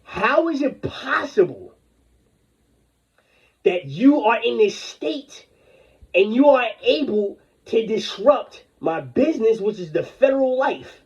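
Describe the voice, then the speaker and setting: A man's voice: very high voice, very animated, slow pace, slightly rough. A man delivering an angry, rambling, confrontational rant full of profanity. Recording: dull lo-fi recording.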